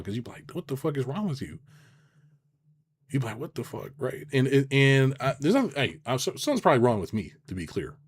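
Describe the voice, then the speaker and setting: A man's voice: medium pitch, a little mellow, slightly rough. A middle-aged man, a business coach, rambling in casual livestream chat, swearing freely and acting out conversations. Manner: rambling, profane, quotes people in dialogue.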